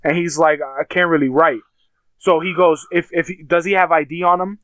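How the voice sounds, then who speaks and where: A man with a fairly high voice tells a heated story in casual conversation. He swears a lot and mimics what other people said. The sound is dry and close. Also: level tone, fairly quick, fairly bright tone, dry recording. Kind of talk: casual podcast chat.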